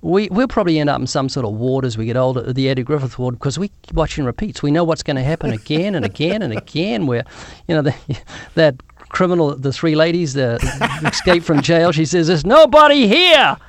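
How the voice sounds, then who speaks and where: A middle-aged man tells stories as a guest, joking at his own expense and laughing often. His voice sits a little high, and the recording is dry and close. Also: animated, fairly quick, few pauses, no room sound. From Southern Hemisphere. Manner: jokey, self-deprecating storyteller, laughs often. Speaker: guest evangelist and author. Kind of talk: casual interview chat.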